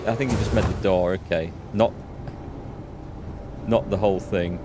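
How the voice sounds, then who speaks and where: A man's voice: on the low side, fairly even intonation, moderate pace, background noise. A man hosting a let's play, chatting and laughing through his commentary. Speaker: gaming video host.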